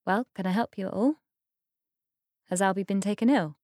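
A woman's voice: medium pitch, fairly even intonation, normal speed, a little mellow, dry recording, studio quality, voice pushed up, natural voice. A woman reading aloud and voicing a reserved young woman who stays cool and unfailingly polite.

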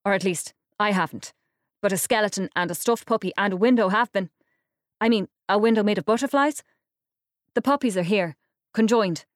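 A woman's voice: medium pitch, moderate pace, no room sound, studio quality, natural voice. A woman reading aloud and voicing a nervous, awkward young man who rambles and hurries to please. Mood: eager.

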